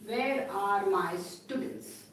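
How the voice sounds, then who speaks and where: A woman teaching an English grammar lesson in a live online class, explaining slowly through repeated examples and frequent fillers. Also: medium pitch, fairly bright tone, very echoey, distant mic, poor audio.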